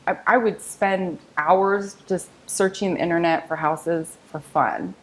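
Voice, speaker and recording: A woman's voice: on the low side, measured pace, rough recording. A woman, a real estate agent in her thirties, telling her career story as an interview guest in an upbeat, storytelling way and acting out what others said. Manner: upbeat, storytelling, quotes others in lively voices. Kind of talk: interview conversation.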